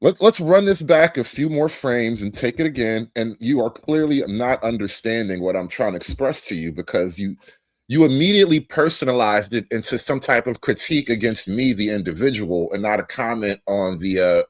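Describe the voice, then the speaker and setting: A man's voice: medium pitch, lively intonation, dry recording. Dry-voiced man arguing a point. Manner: deliberate, argumentative, lays out a premise. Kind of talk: debate on a talk show.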